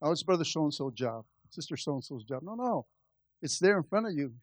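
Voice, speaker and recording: A man's voice: on the high side, very animated, brisk, dry recording. A man pastor preaching a conversational sermon, calling out to the church and building to impassioned stretches. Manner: impassioned, rising in volume.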